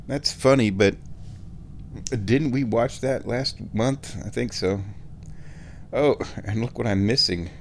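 A man's voice: mid-range voice, darkish tone, a little hiss or hum. A drowsy man rambling casually to his viewers at home, chuckling often, his sinuses a bit stuffed. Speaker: vlogger. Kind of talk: rambling casual chat to camera.

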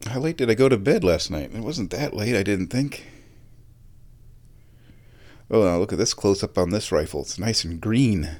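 Guy with a lowish voice just rambling to his viewers, thinking out loud, hunting for words. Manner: meandering, thinks aloud, searches for words. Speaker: vlogger. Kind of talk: casual rambling chat while watching sport.

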